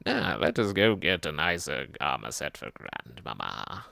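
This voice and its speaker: A man's voice: extremely low pitch, sing-song, a little slow, gravelly, pushed and bright, no room sound. A man streaming a video game, rambling and joking as he plays. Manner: jokey, rambling, talking to himself. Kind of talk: casual gameplay commentary.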